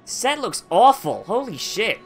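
A male streamer riffing over his gameplay, swearing freely and mocking things with dry sarcasm. His voice sits a little high for a man and jumps around a lot in pitch. Game music plays clearly behind him. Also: wildly swooping pitch, unhurried. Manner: profane, sarcastic, frustrated outbursts. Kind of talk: casual gameplay commentary.

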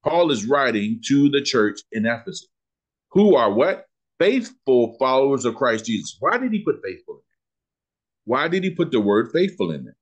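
Man, husky voice, preacher cadence, rhetorical questions. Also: mid-range voice, sing-song, dull audio. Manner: preacherly, asks questions and answers them, slows down on scripture. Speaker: pastor teaching a Bible lesson. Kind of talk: sermon-style Bible teaching.

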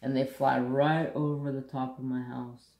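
A man's voice: medium pitch, flat delivery, normal speed, gravelly, a little mellow, reverberant. A man hosting a craft channel, telling a country story bluntly and saltily in casual chat. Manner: blunt, salty rural storyteller.

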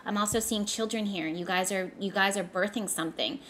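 There's slight background noise as a woman reads tarot casually for her viewers. Her medium-pitched voice is brisk and a bit bright, and she stresses things emphatically, often saying them again for effect.

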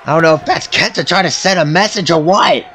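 A man doing excitable play-by-play commentary over a wrestling video game, often shouting at big moves. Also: a little high, brisk, a little hiss or hum, low-quality recording. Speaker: amateur commentator.

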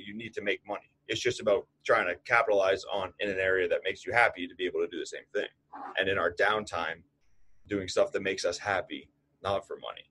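A man's voice: lowish voice, fairly bright tone, breathy edge, low-quality recording. A man co-hosting a podcast, talking in an emphatic, fired-up, motivational way. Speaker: podcast co-host. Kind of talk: casual chat.

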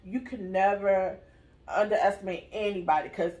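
A woman's voice: medium pitch, steady tone, moderate pace, a little mellow. Emphatic storytelling woman, casual chat. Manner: emphatic, storytelling, addresses viewers as y'all. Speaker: channel host, mother.

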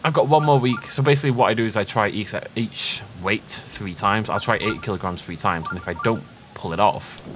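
A man's voice: on the low side, a little fast, few pauses, fairly bright tone, soft background music. A man chatting casually while playing a game, rambling and self-deprecating. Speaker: let's play host. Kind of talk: casual gameplay commentary.

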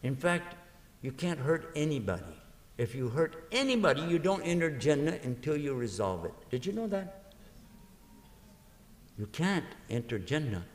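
Animated male preacher in a reverberant hall. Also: on the high side, moderate pace, long pauses. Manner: acts out little dialogues and quizzes the audience. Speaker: Islamic preacher giving a lecture. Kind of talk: lively religious lecture to an audience. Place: large university lecture hall. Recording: long reverb of a lecture hall.

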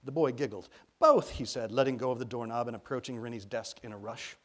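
A middle-aged man from Arkansas reads his children's novel aloud, unhurried and expressive. His voice sits at an ordinary pitch, and he lets the narration flow like a practiced storyteller. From Arkansas, USA. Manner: expressive storytelling, briefly voicing characters. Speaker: author reading his own book. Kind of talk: reading a children's novel aloud at a public event.

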